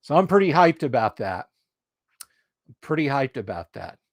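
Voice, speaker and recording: Animated middle-aged man hosting a livestream. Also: medium pitch, normal speed, dry recording. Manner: animated, hype-building and rambling. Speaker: livestream host. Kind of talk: casual livestream chat.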